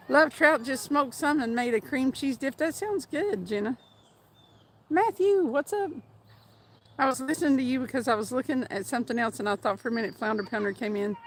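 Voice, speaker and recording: Woman, high voice, casual livestream chat, laughs a lot, greets viewers by name. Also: expressive, moderate pace, a little hiss or hum. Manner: chatty, laughs often, reads viewer names aloud. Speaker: fishing livestream host. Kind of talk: casual live-stream chat. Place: outdoors by a fast trout stream.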